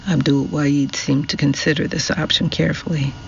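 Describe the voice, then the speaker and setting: A man narrating a novel in a measured storytelling manner. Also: fairly high pitch, flat delivery, vocal fry, dull audio, slight background noise. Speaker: audiobook narrator. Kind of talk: scripted narration.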